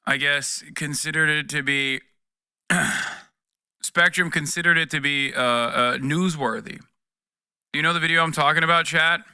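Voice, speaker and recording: A man's voice: on the high side, fairly even intonation, measured pace, bright, forceful tone, smooth, dry recording, clean studio sound. A man streaming casual political commentary, talking with a profane, exasperated edge in bursts with restarts, to his chat.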